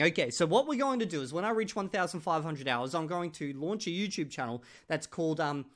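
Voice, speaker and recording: A man's voice: on the high side, expressive, fairly quick, few pauses, fairly bright tone. A man talking casually to his viewers in a chatty, joking way. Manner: chatty, jokey, addresses viewers as guys. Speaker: language-learning vlogger. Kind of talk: casual talk to camera.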